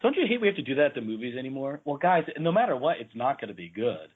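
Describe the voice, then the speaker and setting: A man in a casual podcast chat, delivering deadpan, spiteful jokes. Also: medium pitch, fast, breathy edge. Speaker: podcast panelist. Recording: tinny phone-like audio.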